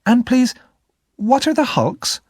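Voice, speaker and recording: A man's voice: very high-pitched, sing-song, slow, a little mellow, breathy edge, no echo, clean studio sound, pitched above the performer's own voice, heavily acted. A man voicing a frightened, polite young boy. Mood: timid. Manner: timid, pleading.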